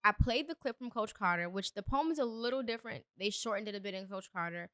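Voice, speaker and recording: A woman's voice: medium pitch, animated, fast, bright, forceful tone, dry recording, studio quality. A young adult woman hosting a solo podcast, talking earnestly and a bit preachy, with emphatic bursts. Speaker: podcast host. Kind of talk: solo motivational podcast talk.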